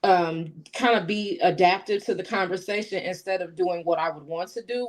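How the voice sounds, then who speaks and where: Low-voiced woman explaining calmly. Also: brisk, hardly any pauses. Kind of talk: casual podcast discussion.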